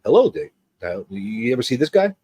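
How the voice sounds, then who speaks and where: A man hosts a casual livestream, rambling and teasing as he greets viewers. His pitch swings widely from line to line. The sound is dry and close, with no room around it. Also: very animated, brisk, vocal fry, mellow, breathy edge, no room sound. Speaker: host.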